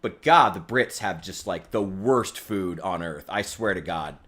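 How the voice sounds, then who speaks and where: A man's voice: sits low, lively intonation, unhurried, few pauses, fairly bright tone. A man streaming a game, chatting casually in a rambling, joking way, with frequent profanity and restarts. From United States. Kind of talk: casual gaming stream chat.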